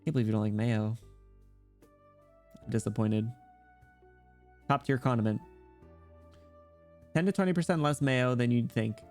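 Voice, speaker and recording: A man chatting loosely with his stream viewers, jumping from one thought to the next and cracking jokes at his own expense. His voice sits at an ordinary middle pitch, and some music plays faintly behind him. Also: normal speed, long pauses, a little mellow. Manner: rambling, self-deprecating, joking. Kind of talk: casual chat with viewers.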